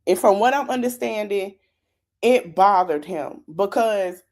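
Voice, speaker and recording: A woman's voice: medium pitch, measured pace, darkish tone. A woman hosting a podcast, giving a casual, chatty recap of a reality show and talking straight to her listeners. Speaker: podcast host.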